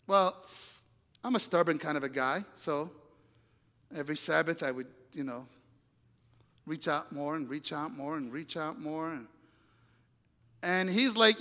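A man preaching, telling a personal story with lively acted-out dialogue and big swings between loud and hushed lines. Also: a little high, normal speed, long pauses. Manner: animated storyteller acting out dialogue, dramatic volume swings. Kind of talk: sermon storytelling. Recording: reverberant hall.

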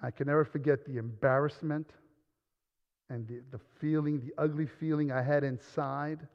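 A male pastor telling a quiet personal story, then preaching with rising force. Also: a little high, steady tone, moderate pace. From New Rochelle, New York. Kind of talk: sermon. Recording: dull sound with long reverb in a large hall.

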